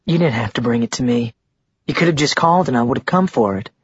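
A man's voice: medium pitch, animated, fast, slightly rough, no echo. A man voicing a fiery young female college student who protests sharply and urgently. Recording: dull dry muffled recording.

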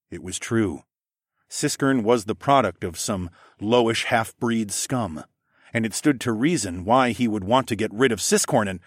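A man reads a first-person fantasy story in a fairly low voice. His delivery is expressive and his intonation is lively. The recording is dry, with no room sound. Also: moderate pace, slightly rough, no room sound. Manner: expressive, acts out dialogue. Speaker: audiobook narrator.

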